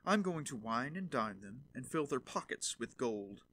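A man's voice: mid-range voice, sing-song, normal speed, a bit bright. A man voicing a boastful young journeyman turner in a fairy tale reading. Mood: proud. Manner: boastful, commanding.

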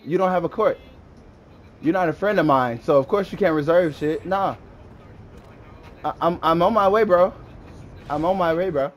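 A man's voice: fairly high pitch, normal speed, long pauses, muffled recording, a little hiss or hum. A young man gaming and trash-talking an opponent over voice chat, taunting and mocking, repeating his insults over and over. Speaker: gamer.

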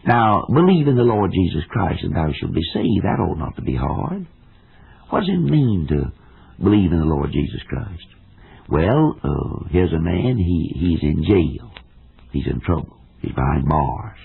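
A man's voice: low-pitched, creaky, husky. An older man with a Southern American accent preaching a radio sermon in a folksy, emphatic way, with plain homespun examples. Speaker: evangelist preacher. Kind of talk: old-time radio sermon. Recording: tinny, lo-fi vintage radio recording.

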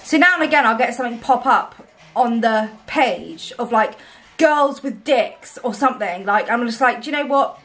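A woman's voice: a little high, expressive, moderate pace, a bit bright. A British woman vlogging casually to camera, blunt, self-mocking and swearing constantly. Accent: British English. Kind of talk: casual vlog chat to camera.

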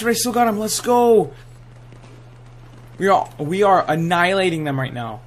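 A man's voice: high voice, moderate pace, long pauses. Hyped young man in game commentary. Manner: excitable trash-talking gamer slang. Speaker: gaming channel host. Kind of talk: live gameplay commentary.

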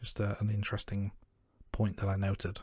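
A man with a fairly low voice walks through his notes on a film in a measured, casual podcast chat. The sound is dry and close, with almost no room behind him. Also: completely flat delivery, a little mellow, husky, dry recording. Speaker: co-host of a film review podcast.

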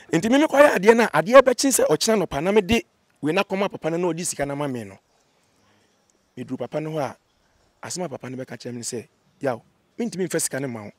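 Fast, animated Ghanaian man telling a story. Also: fairly high pitch, no echo. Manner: animated, acts out quoted dialogue. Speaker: interview guest. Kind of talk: emotional storytelling. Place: outdoor location away from the studio.

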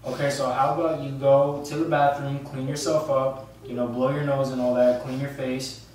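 Young man, mid-pitched and casual, coaxing with repeated questions, recorded from a distance in an echoey room with faint background noise. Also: flat delivery, normal speed, darkish tone. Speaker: boyfriend in a prank video. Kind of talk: casual talk at home. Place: indoor room at home.

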